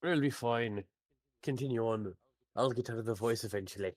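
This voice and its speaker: A man's voice: medium pitch, moderate pace, dry recording. Man player, dry wry humor, close dry sound. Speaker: tabletop game player. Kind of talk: casual play chat.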